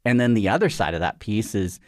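A man's voice: lowish voice, very animated, brisk, dry recording, clean studio sound. A middle-aged Canadian man, a regulator official, talking earnestly as an interview guest with lots of fillers. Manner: rambling, filler-heavy, earnest. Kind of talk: conversational interview.

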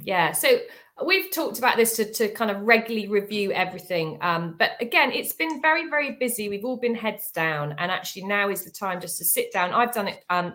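A woman co-hosting a casual property-industry chat, talking freely with lots of fillers and quick laughs. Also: medium pitch, fairly bright tone. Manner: chatty, laughs easily, many fillers. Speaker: estate agency co-host.

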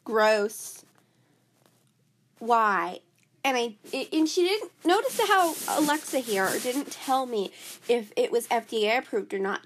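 A woman's voice: on the high side, expressive, slow, a little hiss or hum. Chatty valley-girl podcaster woman. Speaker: podcast host. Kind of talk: casual podcast monologue.

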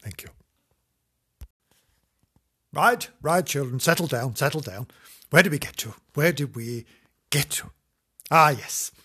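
A man drawling through a children's story as a mock bedtime reading. He is camp and theatrical, with a voice that leaps up and down in wide swings. The tone is husky and breathy. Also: fairly high pitch, expressive, measured pace, long pauses, pushed and bright. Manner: camp, theatrical, wandering asides. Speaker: comic reader.

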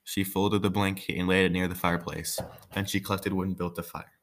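A man's voice: sits low, little pitch movement, brisk, a bit bright, a little hiss or hum. A man reading a folk tale aloud, breaking off for joking, offhand asides. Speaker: story reader.

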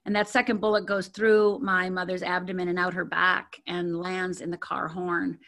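A woman's voice: fairly low pitch, little pitch movement, normal speed, a bit bright. A middle-aged woman from the of Michigan, telling her personal story candidly as an interview guest, with many fillers and repeated words. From Upper Peninsula of Michigan.

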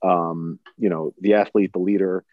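A man's voice: sits low, fairly even intonation, normal speed, no echo. A man in his forties on a casual film discussion podcast, building long points with restarts. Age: 40s. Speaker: podcast co-host. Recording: dull lo-fi sound.

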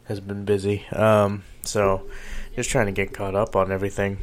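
A man hosting a podcast in casual banter, slightly hoarse, rambling and joking with lots of fillers. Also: on the low side, completely flat delivery, normal speed, a crowd in the background. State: slightly hoarse, scratchy throat. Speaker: podcast host.

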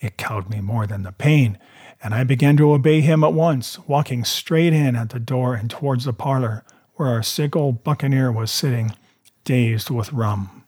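Husky-voiced man narrating a novel with steady, measured delivery. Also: medium pitch, no room sound, studio quality. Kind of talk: reading a novel aloud.

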